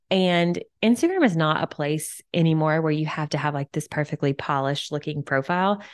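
Chatty low-voiced woman podcast host. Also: no echo, clean studio sound. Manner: chatty, enthusiastic, many "like" fillers. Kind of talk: casual solo podcast tips.

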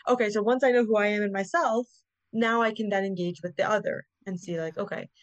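A woman's voice: medium pitch, steady tone, brisk, dry recording. A middle-aged woman guest on a parenting podcast, explaining in an earnest, hands-on way. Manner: earnest, explanatory, often acts out what parents say to kids. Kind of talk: podcast interview.

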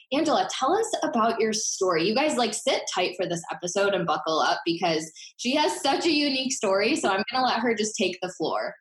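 An enthusiastic woman hosts a casual interview podcast, effusive as she talks with her guest. Her voice sits at a middle pitch, and the room around her echoes noticeably. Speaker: podcast host. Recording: roomy, echoey sound.

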